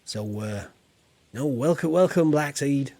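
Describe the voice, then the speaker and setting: A man's voice: mid-range voice, animated, unhurried, dark tone. A man streaming a farming game, chatting in a rambling, jokey, homely way as a folksy farmer persona. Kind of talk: casual let's-play chat.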